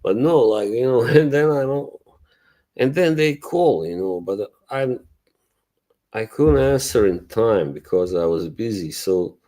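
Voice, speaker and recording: A man's voice: mid-range voice, expressive, measured pace, warm tone. A man hosting a casual live stream, rambling loosely, swearing and laughing as he talks to his chat. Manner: greets and answers chat viewers. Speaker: livestream host.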